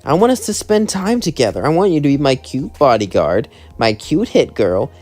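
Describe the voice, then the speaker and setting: A man voicing a flirty, scheming demon woman who teases and bargains in a playful, higher voice. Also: sing-song, moderate pace, a little mellow, faint music behind. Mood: teasing. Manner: teasing, playful, smirking.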